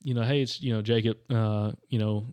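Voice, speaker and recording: A man's voice: fairly low pitch, steady tone, a little fast, darkish tone, clear, resonant tone. A young man hosting a podcast, telling a hunting story in loose, rambling casual chat full of "dude" and "like.". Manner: rambling, says "dude" and "like" constantly.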